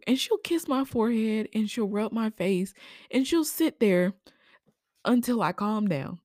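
A young woman hosting a personal podcast, speaking emotionally and haltingly, with many fillers, and at times crying. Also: mid-range voice, very animated, a little mellow, no echo, clean studio sound. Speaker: podcast host. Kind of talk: personal reflective monologue.

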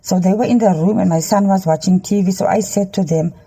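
Middle-aged woman, phone selfie in a car, earnest halting testimony, dark husky tone. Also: medium pitch. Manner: halting, many ums, preachy urging. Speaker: Christian dream sharer. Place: inside a car. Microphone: handheld phone.

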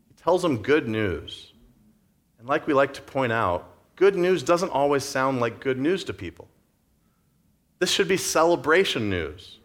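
A man's voice: medium pitch, big pitch swings, a little slow, fairly bright tone. A man preaching a sermon in a conversational way, acting out the story's scenes. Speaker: pastor.

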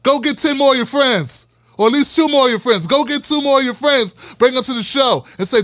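A man with a strikingly high voice hosts his own commentary show, speaking bluntly and with plenty of profanity. He drives his points home by repeating them. The recording is dry and close, with no room echo. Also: a little fast, a bit bright. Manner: blunt, profane, emphatic repetition. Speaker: political commentary host. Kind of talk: fiery direct-to-camera monologue.

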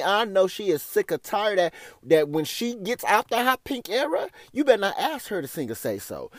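A man's voice: fairly high pitch, no room sound. Sassy guy w aave ranting on his show, voice jumps all over, dry room. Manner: animated, sassy, says "honey" often. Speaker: podcast host. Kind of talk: casual opinion commentary.

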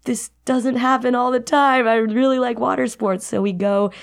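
A young woman casually telling a personal story in a chatty, animated way, acting out the people she quotes. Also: a little high, moderate pace, gravelly. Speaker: guest storyteller.

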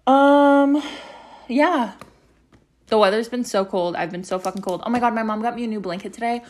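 A woman's voice: medium pitch, a little fast, darkish tone. A young woman hosting her own podcast from home, rambling casually with lots of fillers and swearing. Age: young adult. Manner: rambling and chatty, heavy use of "like" and swearing. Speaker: podcast host. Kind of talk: casual chat.

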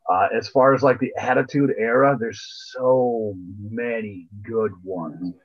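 A man's voice: mid-range voice, unhurried. A man co-hosting a podcast, chatting casually in a laid-back way and circling back over his own words as he thinks. His voice sits in a middle range, and the recording comes through dull and lo-fi. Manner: laid-back, repeats phrases while thinking. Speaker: podcast co-host. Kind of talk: casual chat.

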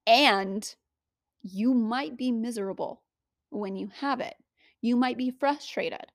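A woman's voice: a little high, slow, no echo, clean studio sound. A woman giving motivational spiritual teaching in an earnest, conversational way, full of rhetorical questions.

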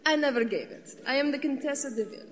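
An actress playing a worldly countess with a dry, teasing manner. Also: female voice, high voice, quick pace, in a large hall, natural voice. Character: sly, worldly female countess, cool and teasing.

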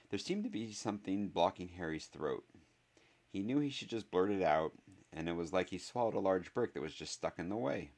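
A man reading a novel aloud as a narrator, in a steady, measured storytelling manner. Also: sits low. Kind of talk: scripted audiobook narration.

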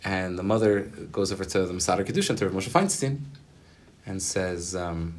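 A man's voice: sits low, normal speed, a little hiss or hum. A man, a rabbi, gives a spontaneous Torah talk to a gathering, speaking casually and rambling with many fillers and Hebrew terms. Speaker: rabbi teaching a weekly gathering. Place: group gathering in a room.

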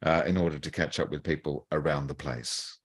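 A man hosting a podcast, who gives a scripted intro and then interviews a guest in a friendly, measured way. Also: rumbling low, fairly even intonation, slightly rough. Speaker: podcast host.

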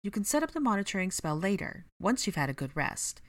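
A woman's voice: medium pitch, big pitch swings, quick pace, dry recording, voice pushed up, lightly acted. A woman reading the part of a caring, motherly middle-aged matriarch in a storybook reading.

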